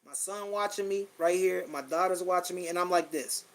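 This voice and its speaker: A man's voice: high voice, fairly quick, a bit bright, rough recording. Blunt, emotional man with a raised voice. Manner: emotional, swears freely, repeats phrases. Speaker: podcast host. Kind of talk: blunt personal monologue.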